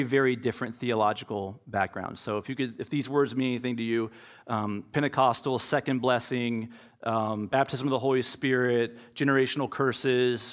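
A pastor preaching a conversational sermon, telling a personal story and acting out his own inner dialogue. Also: medium pitch.

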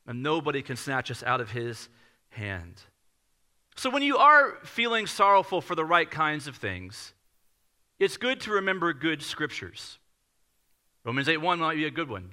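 A man's voice: a little high, very animated, moderate pace, pushed and bright. A man in his thirties, a pastor preaching a sermon to a congregation in a conversational, self-deprecating storytelling manner.

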